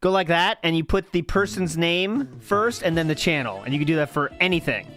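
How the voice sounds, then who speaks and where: Chatty man explaining, slightly high voice. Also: fairly quick, fairly bright tone, soft background music. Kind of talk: casual livestream chat.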